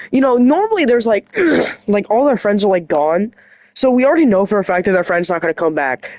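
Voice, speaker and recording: Streamer girl ranting, says bro a lot, pitch jumps everywhere, clears her throat, dry sound. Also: dry recording. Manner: animated slangy rant, full of "bro" and "like". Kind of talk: casual chat.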